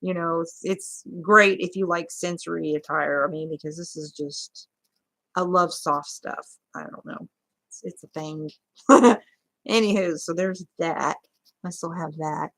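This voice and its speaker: Slow, husky-voiced woman crafter chatting. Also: fairly low pitch, fairly bright tone, low-quality recording. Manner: chatty, scattered, talks to viewers while searching. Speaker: crochet vlogger. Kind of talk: casual rambling tutorial chat.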